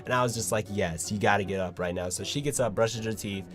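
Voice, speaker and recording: A man's voice: lowish voice, quick pace, faint music behind. A young man vlogging a casual storytime, loose and chatty, full of filler words and swearing.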